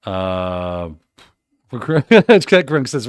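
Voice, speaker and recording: A man's voice: mid-range voice, big pitch swings, extremely slow, clear, resonant tone, no echo, clean studio sound. Jokey man hosting a livestream. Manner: reads out viewer comments, jokey, laughs often. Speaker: livestream host. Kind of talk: casual livestream chat.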